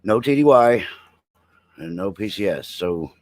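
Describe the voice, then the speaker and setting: Blunt low-voiced veteran host. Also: male voice, expressive, a little slow, darkish tone, no echo, rough recording. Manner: blunt, joking, reads headlines then riffs, talks to chat. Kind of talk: casual live-stream commentary.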